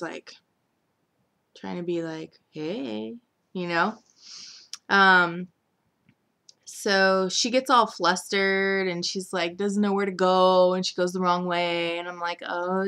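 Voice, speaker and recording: A woman with a fairly low, slightly bright voice casually recaps a week of a soap opera. She rambles, leaning heavily on fillers like "like" and "um."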